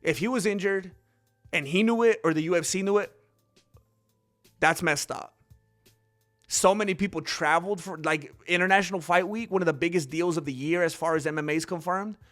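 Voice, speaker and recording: A man hosting a casual commentary stream, rambling and animated, often acting out quotes. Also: sits high, fairly quick, faint music behind. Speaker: host.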